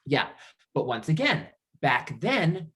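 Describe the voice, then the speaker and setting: His voice a little high and his pace slow, the Niagara-region man in his thirties continues his coming-out story as an interview guest. He's animated, imitating what others told him and laughing often.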